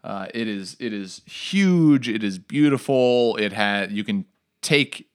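A man in casual podcast chat, recounting a story with animated, quoted voices. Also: on the low side, slow. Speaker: game master and ministry worker.

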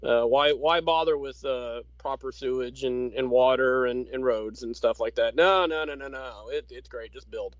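A man co-hosting a casual chat, easygoing and halting, with a dry sarcastic streak. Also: medium pitch, dry recording, dull audio. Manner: easygoing, many fillers and restarts, dry sarcasm. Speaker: podcast co-host.

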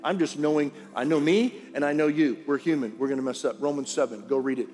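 Pastor guy preaching casual to the room, echoey big church, soft music behind. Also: fairly high pitch, fast. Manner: conversational preaching, asks the room questions. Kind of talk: sermon. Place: large church auditorium. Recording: reverberant hall with faint music.

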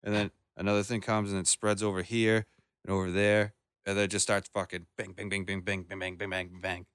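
Brief: young guy, low-pitched, relaxed rambling chat, close dry mic. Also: a little fast, clear, resonant tone, no room sound. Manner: laid-back, rambling, swears often. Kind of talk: casual chat.

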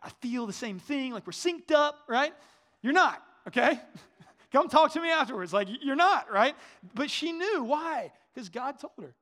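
A man's voice: extremely high pitch, animated, normal speed, pushed and bright. A man in his thirties preaching a sermon as a pastor, talking conversationally and asking the congregation questions.

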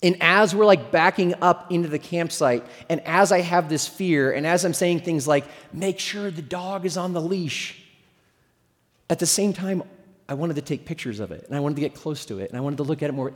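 A man's voice: a little high, brisk. A middle-aged man preaching a sermon as pastor, telling stories in a conversational, humorous way. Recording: long hall reverb.

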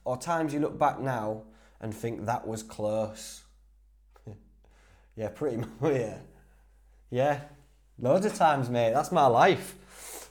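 A man's voice: mid-range voice, takes it slowly, pauses often, a little mellow. A young man from Whitby with a North Yorkshire accent, a podcast host answering listener questions in a chatty, laddish way, laughing easily and restarting his sentences. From Whitby, North Yorkshire, England. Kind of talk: casual solo Q&A.

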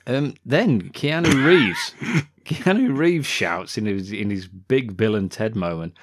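A man's voice: lowish voice, lively intonation, slow pace, dry recording, clean studio sound. A man co-hosting a podcast, retelling a film plot in a sweary, sarcastic casual chat. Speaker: podcast co-host.

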